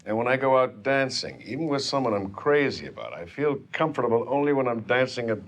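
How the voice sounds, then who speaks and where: A man's voice: mid-range voice, expressive, brisk, lightly acted. A man playing a self-pitying, neurotic patient who confides in his doctor in a comedy sketch. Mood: mopey.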